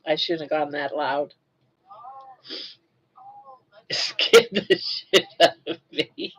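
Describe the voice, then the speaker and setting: An older woman hosting a casual live chat, chatty and unhurried, who coos at her pet in a doting voice. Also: low-pitched, very animated, a bit bright, low-quality recording. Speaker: livestream host.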